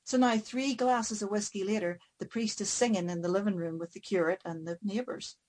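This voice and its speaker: A woman's voice: mid-range voice, fairly even intonation, brisk, a little mellow, rough recording. Woman telling a folk tale. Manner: dramatic, varied pacing. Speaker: storyteller.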